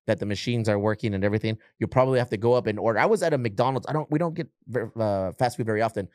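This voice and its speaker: A man co-hosting a casual podcast, talking in animated slang. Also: on the low side, racing, dry recording, clean studio sound. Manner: animated, slangy, says dude and dog. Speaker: podcast co-host. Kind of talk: casual chat.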